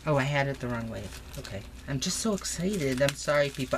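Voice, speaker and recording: Gushing low-voiced woman vlogger. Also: a little fast. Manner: gushing, excitable, laughs often. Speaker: crafting vlogger. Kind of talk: casual unboxing chat. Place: home craft room. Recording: noisy home recording.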